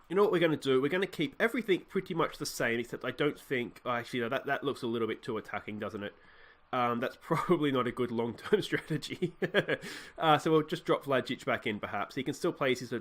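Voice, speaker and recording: A young Australian man hosting a let's play, thinking aloud and getting excited as he commentates a football management game. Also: mid-range voice. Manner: excitable, thinking aloud while clicking through a match.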